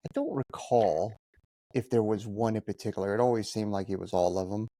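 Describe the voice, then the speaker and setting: A man co-hosting a podcast, talking in a relaxed, loose and conversational way. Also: on the low side, brisk, no echo, studio quality. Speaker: podcast co-host. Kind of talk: casual chat.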